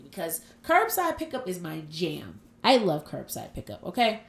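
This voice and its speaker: A woman's voice: on the low side, huge pitch swings, moderate pace, hardly any pauses. A woman hosting a casual solo podcast from home, talking in a frank, profane and playful way. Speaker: podcast host.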